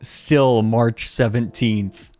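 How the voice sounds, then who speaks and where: A man streaming casually, who laughs often, exclaims loudly and reads chat aloud. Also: medium pitch, fairly even intonation, drawn-out words, soft background music.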